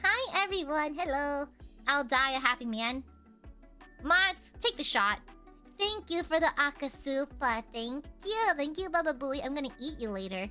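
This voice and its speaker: A woman's voice: high voice, animated, moderate pace, faint music behind. A woman streamer chatting casually and playfully with her chat, a slight Southern accent, and a lingering cough. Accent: slight American Southern. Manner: playful, teasing, bursts into shouting.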